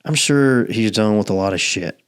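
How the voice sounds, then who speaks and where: A man's voice: lowish voice, a little fast, clean tone. A man hosting a podcast, telling a story in casual, profane chat and laughing often. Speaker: podcast host.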